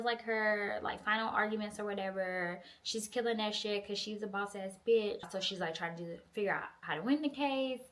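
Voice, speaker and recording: A young woman recapping a novel in a casual, profane, animated way, acting out the characters' lines. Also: mid-range voice. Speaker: book reviewer. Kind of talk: casual book review recap.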